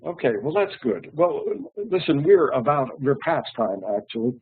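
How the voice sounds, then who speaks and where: A man's voice: a little high, expressive, normal speed, husky. A man teaching an online English lesson, patient and friendly, often repeating his words. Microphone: online call. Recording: tinny phone-like online call.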